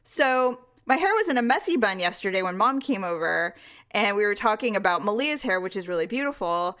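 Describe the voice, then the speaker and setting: A woman's voice: mid-range voice, fairly quick, smooth. A middle-aged woman co-hosting a podcast, telling a family story in casual chat and acting out the voices she quotes. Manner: animated storytelling, acts out quoted voices, laughs often. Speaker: podcast co-host.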